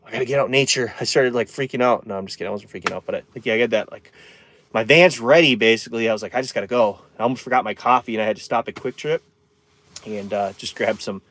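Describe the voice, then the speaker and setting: A man's voice: mid-range voice, quick pace, fairly bright tone, slight background noise. A man live streaming from inside his camper van, chatting casually and rambling while reading viewer comments aloud.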